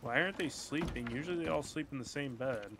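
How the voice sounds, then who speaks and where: A man's voice: fairly high pitch, fast. A man casually chatting and joking in slang while playing a co-op game with a friend. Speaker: gaming channel host. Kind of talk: casual co-op gaming chat. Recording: noisy game audio behind voice.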